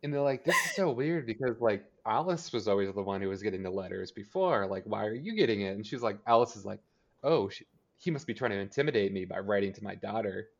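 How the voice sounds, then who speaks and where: Male podcast co-host, lowish voice, loose rambling recap full of "like", muffled lo-fi sound. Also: lively intonation, fast, gravelly. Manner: rambling, filler-heavy, acts out character lines. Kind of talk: casual TV episode recap chat.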